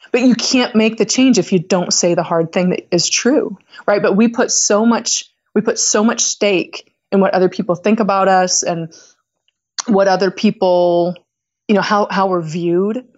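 A woman's voice: mid-range voice, a little mellow, lo-fi sound. A middle-aged woman speaking as a podcast guest, reflective and candid, feeling her way through her thoughts. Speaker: podcast guest, company founder. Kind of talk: casual conversation.

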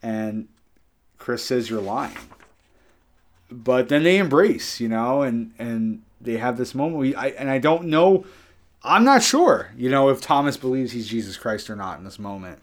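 A man's voice: medium pitch, animated, normal speed. A man co-hosting a podcast in casual chat, earnestly retelling scenes from a book. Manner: earnest, retells scenes with quoted lines, chuckles. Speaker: podcast co-host.

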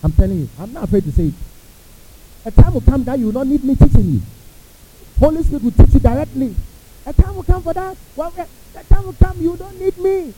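Pastor guy preaching hard, high voice jumping all over, sounds like a phone line. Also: brisk. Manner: animated preaching, acts out quotes, asks the crowd questions. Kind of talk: sermon. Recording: tinny phone-like sound with faint hiss.

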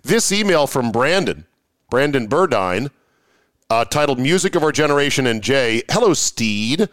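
A man hosting a sports talk podcast, his voice smooth and resonant with a lively, swooping pitch. He reads listener mail aloud and drops sardonic jabs in casual chat. The sound is close and dry, with no room around it. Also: moderate pace, no room sound. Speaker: podcast host.

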